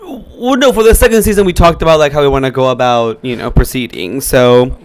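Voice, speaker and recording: A man's voice: mid-range voice, a little fast. A man co-hosting a podcast in casual chat, sassy and teasing toward his co-host.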